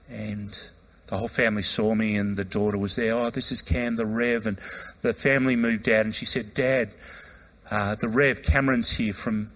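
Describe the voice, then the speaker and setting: Male pastor telling a story. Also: lowish voice. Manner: animated, acts out quoted voices, loud outbursts when retelling. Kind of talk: storytelling sermon.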